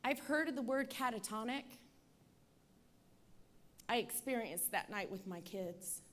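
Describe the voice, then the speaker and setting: A woman in her forties giving an earnest personal testimony speech on an auditorium stage, building to forceful appeals. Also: a little high, animated, unhurried. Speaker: speaker at an event.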